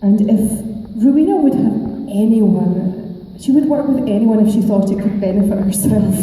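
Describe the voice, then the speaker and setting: A woman with a dark, mellow voice chats playfully with fans, joking and laughing often. She talks into a handheld mic in a big convention hall, with her voice ringing in a long, roomy echo and a faint murmur of ambience behind. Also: mid-range voice, animated, normal speed, a little hiss or hum. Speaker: actress on convention panel. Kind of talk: casual, playful panel chat with fans. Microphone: handheld microphone. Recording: echoey hall with long reverb.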